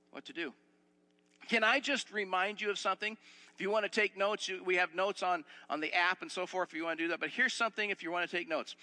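A man's voice: high voice, bright, forceful tone, long reverb tail. A man preaching a sermon as pastor, earnest, repeating phrases and asking the listeners direct questions.

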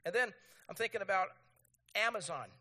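Man preaching, high voice, bright and forceful, long hall reverb, animated. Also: fairly quick. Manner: animated, mimics impatient voices. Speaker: pastor. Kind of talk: sermon.

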